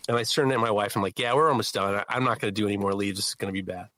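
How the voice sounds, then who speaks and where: A man co-hosting a knife-making show, telling a story with lively energy and acting out the people in it. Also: lowish voice, racing, slight background noise. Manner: excitable, acts out quoted voices. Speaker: podcast co-host. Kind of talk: animated storytelling.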